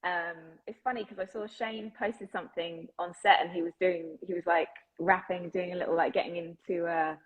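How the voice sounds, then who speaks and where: Woman, English accent, husky, bubbly, laughs often, interview guest. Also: lowish voice, steady tone, narrow, tinny audio. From England. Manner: bubbly, laughs often, talks in quick bursts. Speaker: actress, guest. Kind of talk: interview conversation.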